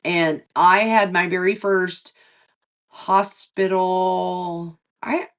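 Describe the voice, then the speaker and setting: A woman's voice: very slow, smooth, far from the mic. A woman chatting casually and telling a long story, acting out what people said and swearing freely. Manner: animated, swearing, acts out dialogue in lowered and raised voices. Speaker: livestream co-host.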